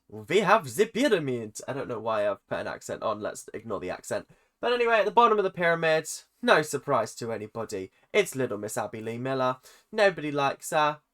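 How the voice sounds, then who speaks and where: Chatty British reaction vlogger, lively pitch. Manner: chatty, joking, talks straight to viewers. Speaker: reaction channel host. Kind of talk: casual reaction vlog chat.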